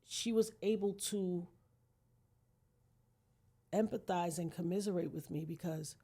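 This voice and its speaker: A middle-aged woman with a low, mellow voice speaks as a podcast guest. She talks earnestly and emphatically, her phrasing rising into a preacher-like cadence. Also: unhurried, gravelly, breathy edge. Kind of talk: heartfelt personal conversation.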